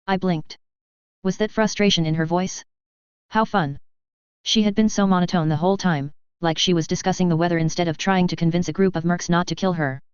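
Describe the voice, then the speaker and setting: Narrator for a first-person story, crisp voice, dry and a bit dull in sound. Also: medium pitch, fairly even intonation, a little fast, no echo.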